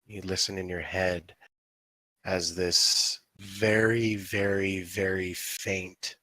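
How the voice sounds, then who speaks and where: A man narrating as dungeon master, telling the story in a slow, drawn-out way. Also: low-pitched, level tone, sharp tone, no room sound. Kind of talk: narrating a tabletop game.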